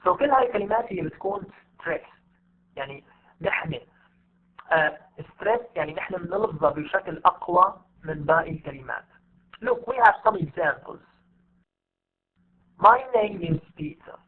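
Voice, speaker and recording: Guy teaching english stress online, highish voice, tinny call audio. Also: lively intonation. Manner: switches between slow, drawn-out English demonstrations and rapid Arabic explanation. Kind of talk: online class explaining word stress.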